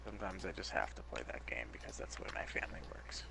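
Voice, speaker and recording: A young man chatting casually on a gaming stream, telling an animated story about a family argument. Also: a bass voice, fast talker, creaky, slight background noise, rough recording.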